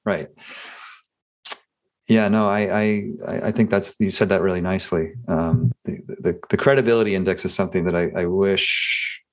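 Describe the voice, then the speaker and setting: A man hosting a podcast, talking in a casual, halting way with frequent restarts and fillers. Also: sits low, steady tone. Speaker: podcast host. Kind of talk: casual interview chat.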